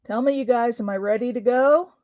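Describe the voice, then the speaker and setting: A woman with a warm, somewhat high voice speaks briskly, hosting a craft video where she chats and asks questions mid-project. There's no room sound, just a dry, dull, lo-fi recording.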